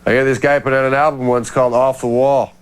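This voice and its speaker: An actor playing a square middle-aged suburban dad, making sarcastic jabs. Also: male voice, mid-range voice, flat delivery, fast, clear, resonant tone, close to an everyday voice. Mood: mocking. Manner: sarcastic, nudging, folksy jabs.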